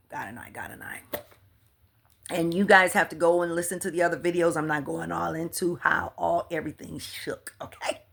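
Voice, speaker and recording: Woman, slightly low voice, casual spiritual talk, colloquial and animated, often drops to a whisper. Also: vocal fry. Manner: animated and chatty, often laughing and dropping to a whisper; colloquial, repeats "for real" and "come on". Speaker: spiritual author and life coach.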